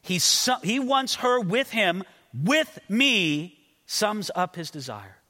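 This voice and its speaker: A man's voice: sits high, big pitch swings, takes it slowly, sharp tone, long reverb tail. A man preaching an expository sermon as a pastor, earnest and emphatic, often repeating words as he stresses a point.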